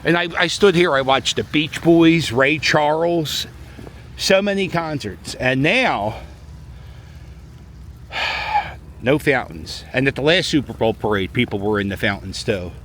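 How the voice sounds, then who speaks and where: A middle-aged man chats into a handheld camera as he walks a snowy city plaza. His voice sits mid-pitch but bounces around a lot as he jokes and rambles off on asides. Street ambience and a faint hiss stay behind him. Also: animated, measured pace, pauses often, a bit bright. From Philadelphia. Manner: chatty, joking, rambling asides. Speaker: vlogger. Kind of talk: casual walking vlog commentary.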